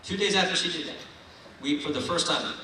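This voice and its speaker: A man's voice: on the high side, brisk, pushed and bright, slight background noise. Folksy man speaking in an echoey hall. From Ohio. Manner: folksy, storytelling, rousing. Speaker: keynote speaker. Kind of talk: political dinner speech. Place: large banquet hall. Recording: echoey hall, mic heard from far.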